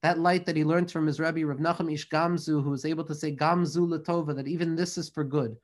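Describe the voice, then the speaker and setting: A man's voice: on the high side, flat delivery, fast. A man teaching an earnest, flowing religious lecture, mixing Hebrew and Yiddish terms into his English. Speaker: Torah teacher.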